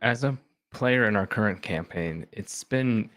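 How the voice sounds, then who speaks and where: Player, man, unhurried and wry, mid-pitch, close dry mic. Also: fairly bright tone, dry recording. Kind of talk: casual panel chat.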